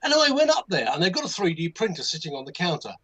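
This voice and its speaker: An older man with an English accent tells a meandering story in a casual chat. His voice sits a bit high. He keeps breaking off into asides and restarting his sentences. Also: big pitch swings, quick pace, sharp tone, breathy edge, poor audio. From England. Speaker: guest modelmaker. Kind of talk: casual anecdote on a livestream.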